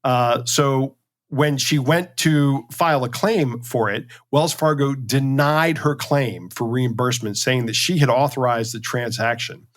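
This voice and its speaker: A man's voice: mid-range voice, unhurried. Male co-host, conversational, indignant, wry. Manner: indignant, sarcastic storytelling with fillers. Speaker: podcast co-host. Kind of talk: casual chat.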